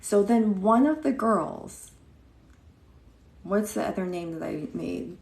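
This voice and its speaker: A woman's voice: medium pitch, slow pace, vocal fry, a little mellow. A woman in her thirties telling a story casually on a livestream, chatty, greeting viewers by name between sentences and acting out what others said. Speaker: livestream host. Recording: echoey room.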